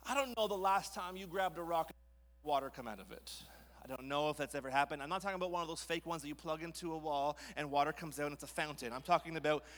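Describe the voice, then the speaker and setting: A man's voice: a little high, quick pace, a bit bright, big-room sound. A man preaching a playful sermon in a church, retelling a Bible story with jokes and acted-out scenes. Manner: playful, jokey, acts out scenes. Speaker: guest preacher. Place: church sanctuary.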